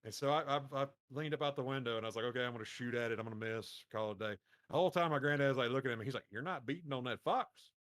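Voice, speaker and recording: A man from Mississippi, telling a profane, animated story on a casual podcast. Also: mid-range voice, very fast, no room sound, studio quality. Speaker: podcast co-host.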